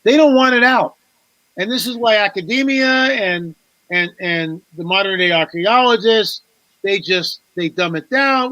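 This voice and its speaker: A man's voice: sits high, a little slow, bright, forceful tone, dry recording, rough recording. A man, a guest author on a talk show, telling a story with animation, repeating words and acting out quoted dialogue.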